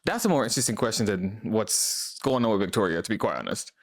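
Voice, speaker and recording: A man hosting a casual reaction video, chatting and laughing as he mimics characters in quick asides. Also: on the low side, animated.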